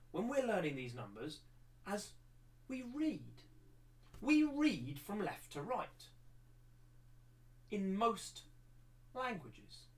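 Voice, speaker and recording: High-voiced English maths teacher, off-mic. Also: male voice, recorded from a distance. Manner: rambling, many restarts and repeated words. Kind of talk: livestreamed lesson.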